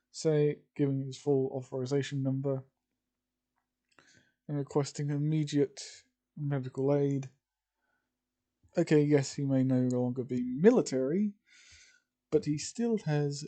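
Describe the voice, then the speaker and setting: A man's voice: mid-range voice, mellow. A man casually narrating a fan-fiction story, with rambling informal asides.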